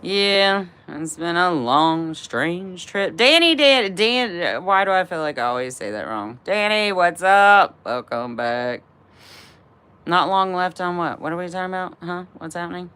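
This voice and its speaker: A woman's voice: fairly low pitch, lively intonation, a little slow, a bit bright, smooth. A woman in her thirties telling a personal story to a live chat, swearing freely, laughing, and using lots of fillers. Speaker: livestream host.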